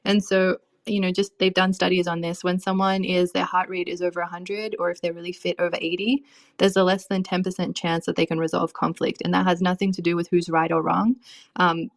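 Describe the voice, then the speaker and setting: A woman's voice: fairly low pitch, little pitch movement, a little fast, vocal fry. A young adult woman coaching on relationships in a casual, chatty way, full of "you know" and "um". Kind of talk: casual advice talk.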